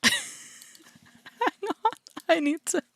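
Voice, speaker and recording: Slow, giggly Norwegian woman streamer. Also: dry recording. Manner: giggly, chatty. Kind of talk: casual let's-play commentary.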